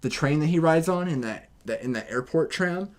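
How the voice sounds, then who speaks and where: A young man co-hosting a casual movie review, excitedly retelling the plot with a lot of swearing. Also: a little high, moderate pace. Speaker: podcast co-host.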